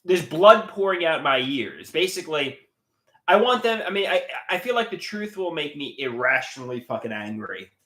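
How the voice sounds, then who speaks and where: A man's voice: fairly high pitch, sing-song, moderate pace, fairly bright tone, reverberant. A man livestreaming and talking about his artwork, agitated and swearing, often repeating himself and restarting his sentences. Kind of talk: casual livestream talk.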